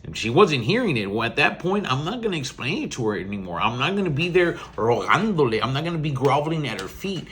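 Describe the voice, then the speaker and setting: A man's voice: a little high, sing-song, fast, few pauses, fairly bright tone, slight background noise. A young man with a South Texas accent, hosting a podcast and telling a story in casual, slangy talk with Spanish words mixed in. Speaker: podcast host.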